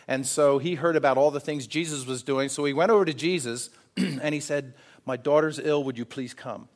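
A man preaching a sermon in an earnest way, often asking the congregation questions. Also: mid-range voice. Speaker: pastor.

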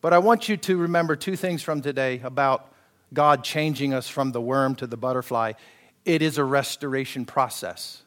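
Here a male pastor preaches conversationally in a mid-range voice at normal speed, his tone fairly bright. He dramatizes the voices he quotes and repeatedly seeks agreement from the people listening.

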